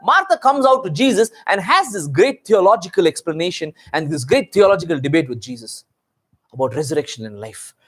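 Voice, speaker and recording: Animated man preaching to a congregation. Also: a little high, brisk. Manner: animated preaching with rhetorical questions and asides to the congregation. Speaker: pastor. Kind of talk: sermon. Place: church meeting.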